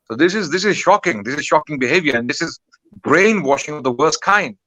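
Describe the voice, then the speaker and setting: Man, impassioned commentary, rhetorical questions, bright tense tone, dry recording. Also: on the high side, expressive, fairly quick, no room sound, low-quality recording. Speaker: guest commentator.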